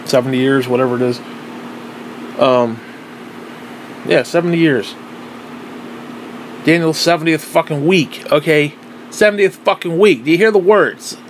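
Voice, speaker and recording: Man, fairly high voice, blunt profane rant, repeats points, tablet mic, faint hum behind. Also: measured pace, pauses often. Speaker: vlogger. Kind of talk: profane ranting monologue. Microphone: tablet microphone.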